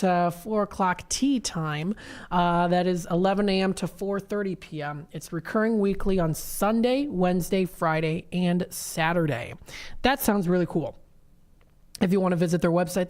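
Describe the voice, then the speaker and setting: A woman's voice: lowish voice, moderate pace, a little mellow. A woman hosting a local radio shopping show, chatting casually and reading event listings off websites with many fillers. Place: radio studio.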